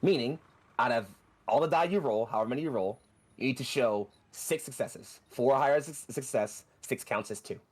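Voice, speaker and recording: A man narrating a tabletop role-playing game as game master, with vivid, rushing descriptions. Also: medium pitch, breathy edge.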